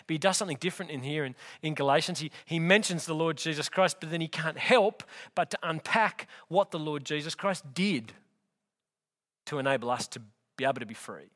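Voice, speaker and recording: A man's voice: a little high, brisk, a bit bright. A man preaching a sermon, teaching through a Bible letter in an emphatic, conversational way and speaking straight to his listeners.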